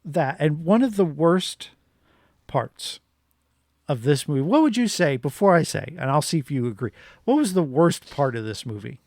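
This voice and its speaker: A man's voice: a little high, moderate pace, no echo, clean studio sound. A man co-hosting a podcast, giving an opinionated, rambling movie review in casual chat. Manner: rambling, opinionated, animated rants. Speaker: podcast co-host.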